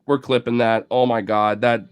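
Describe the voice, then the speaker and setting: A video creator comments casually on footage of his dogs in a smooth, mid-range voice at normal speed. He's excitable, cooing baby talk at them, bursting into laughter, and swearing casually.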